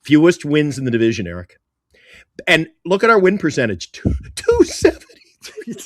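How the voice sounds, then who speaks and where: A sports talk host on a live stream, ranting excitedly about their team and often breaking into laughter. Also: mid-range voice, a little fast, no echo.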